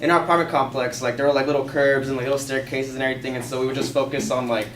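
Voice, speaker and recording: A man's voice: medium pitch, little pitch movement, racing, a bit bright. A young man casually telling a personal story to a class, rambling and peppering his speech with "like" and profanity. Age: young adult. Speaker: student storyteller. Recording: echoey classroom, mic far off, faint hiss.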